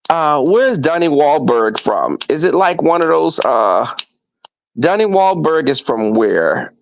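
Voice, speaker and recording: A man's voice: fairly high pitch, no room sound. A man hosting a casual livestream chat, telling profane, campy stories to his viewers from home. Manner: animated, profane, campy storytelling. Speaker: livestream host. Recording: dull lo-fi dry sound.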